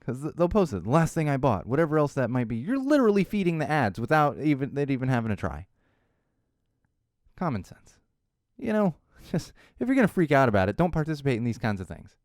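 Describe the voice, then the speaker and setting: Man, podcast host, solo rant, animated, swoops all over, dry close sound. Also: medium pitch, fairly quick, no room sound. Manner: animated, ranting, mocking voices.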